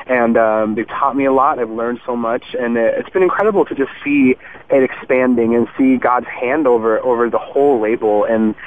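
Young guy on a crackly phone line, earnest, says um a lot. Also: mid-range voice. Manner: earnest, warm, frequent "um" fillers. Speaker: guest musician. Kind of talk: casual interview. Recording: tinny phone line, faint hiss.

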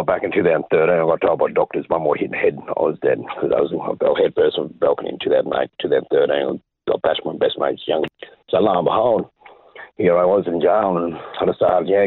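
A man's voice: low-pitched, vocal fry, husky, no echo. A man with an Australian accent telling his personal testimony in an interview, rambling through stories and acting out the dialogue. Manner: rambling storyteller, reenacts dialogue. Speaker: interview guest. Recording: tinny phone-like audio.

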